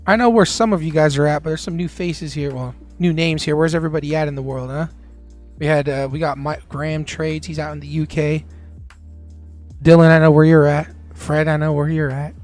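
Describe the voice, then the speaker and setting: Male streamer with a slightly high voice and a loose, filler-heavy chat style. Faint music underneath. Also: a little fast. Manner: relaxed, filler-heavy, chatting with viewers while trading. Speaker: live-stream day trading host. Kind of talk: casual live-stream commentary.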